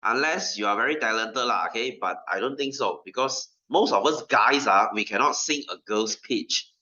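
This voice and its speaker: A male teacher talks a class through a lesson, his voice bright and forward. He is chatty, tosses in "lah" and "ma", and keeps checking in with "okay?" The recording sounds dull and lo-fi. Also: mid-range voice, normal speed. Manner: drops in local particles like "lah" and "ma". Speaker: science teacher. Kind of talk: classroom lecture.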